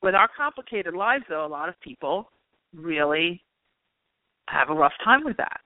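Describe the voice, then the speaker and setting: Man, fairly high voice, chatty spiritual host, tinny phone-line sound. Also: big pitch swings, moderate pace, dry recording. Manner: chatty, full of "you know" and "like". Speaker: spiritual reader and show host. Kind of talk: casual talk-show monologue.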